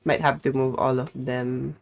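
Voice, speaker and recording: A woman's voice: very deep voice, flat delivery, measured pace, vocal fry. A young woman streaming a game, chatting casually, rambling and swearing and then apologizing. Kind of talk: casual live-stream chat while gaming.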